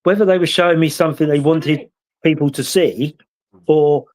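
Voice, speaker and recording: A British man hosting a casual talk show, his voice sitting a little high. He tells long stories in a rambling, reflective way, often stopping to question himself. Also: normal speed, a little mellow. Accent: British English. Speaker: host. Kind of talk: casual chat.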